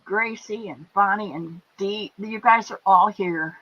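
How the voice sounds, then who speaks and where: A woman's voice: mid-range voice, a little slow, a bit bright. A woman hosting a casual livestream, greeting viewers by name with affectionate pet names as she reads their comments. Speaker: livestream host. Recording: dull lo-fi stream audio.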